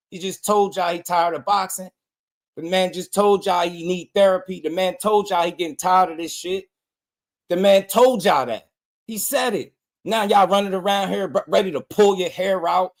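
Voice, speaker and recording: A man hosting a boxing channel, delivering a heated, confrontational rant full of repeated lines. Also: medium pitch. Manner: fired-up, repetitive, confrontational.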